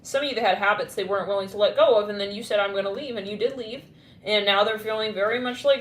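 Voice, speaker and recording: A woman's voice: mid-range voice, fast talker, a bit bright, echoey room. A woman giving a casual tarot reading, rambling and blunt with lots of fillers. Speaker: tarot reader.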